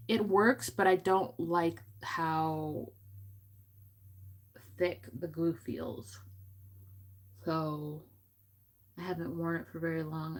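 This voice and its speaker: A woman chatting casually through a makeup tutorial at home, giggly and full of goofy asides. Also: low-pitched. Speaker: beauty vlogger. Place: home room.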